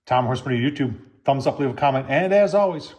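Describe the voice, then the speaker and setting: A man's voice: medium pitch, animated, fast, a little mellow. A man hosting his own channel, casually reviewing a gas grill while cooking and chatting to viewers in a folksy way.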